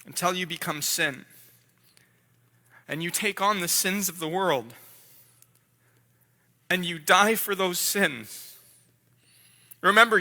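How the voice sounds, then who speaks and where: A man's voice: high-pitched, sharp tone, full character voice. A man preaching from the pulpit who speaks as God the Father, addressing his son with intense, pleading repetition. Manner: intense, pleading, repeats words. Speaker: pastor. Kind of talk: dramatic sermon role-play. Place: church sanctuary. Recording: long church hall reverb.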